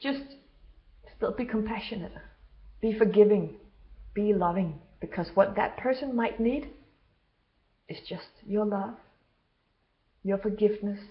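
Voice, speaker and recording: A woman talks straight to the listener in an earnest, unscripted monologue. Her voice sits at an ordinary middle pitch, and she often stops mid-sentence to hunt for the right English word. The sound is a little dull and lo-fi. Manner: earnest, halting, searches for words mid-sentence. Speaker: self-described healer and therapist. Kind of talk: casual spoken monologue. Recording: slightly dull lo-fi recording.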